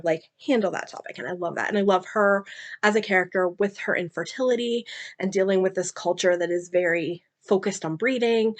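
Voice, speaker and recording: Chatty woman reviewing books. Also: medium pitch. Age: adult, mother. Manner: chatty retelling full of fillers and asides. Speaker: book reviewer. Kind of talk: casual book discussion.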